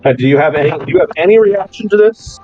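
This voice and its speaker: A man's voice: fairly high pitch, lively intonation, quick pace, a little mellow, lo-fi sound, soft background music. A man narrating as game master in a tabletop game, describing scenes loosely with lots of "like"s. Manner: loose, casual describing with many "like"s.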